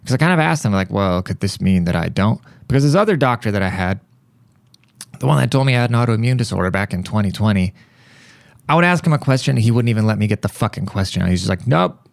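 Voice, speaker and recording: Gravelly-voiced man rambling profanely. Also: mid-range voice, very fast, no room sound, clean studio sound. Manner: rambling, profane, animated storytelling. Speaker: podcast host. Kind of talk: casual monologue.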